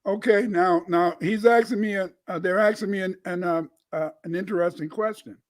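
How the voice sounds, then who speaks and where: Older guy, high-pitched, rambly, keeps restarting, swears a bit. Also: moderate pace, no room sound. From United States. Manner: rambling, repeats words, cusses. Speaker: guest scholar. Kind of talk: casual live-stream talk.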